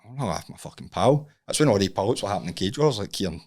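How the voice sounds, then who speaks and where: Scottish man, fast talker, lowish voice, animated sweary storyteller, podcast guest. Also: slight background noise. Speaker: guest, Muay Thai coach. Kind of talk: casual podcast chat.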